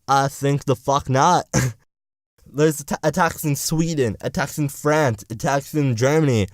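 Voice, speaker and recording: A man's voice: medium pitch, dry recording, clean studio sound. A young man in college rambling through a profane, sarcastic political rant as a vlogger. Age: young adult.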